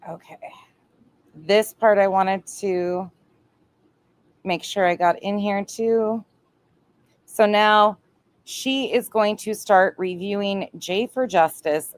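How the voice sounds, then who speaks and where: A woman giving reaction commentary on a clip, blunt and profane. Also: mid-range voice. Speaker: commentary streamer.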